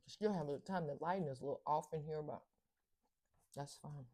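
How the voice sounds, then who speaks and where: An older woman, a grandmother and vlogger, chats casually through her morning chores in her home kitchen, talking to herself as she works. Her voice is low and darkish, and she speaks a little fast.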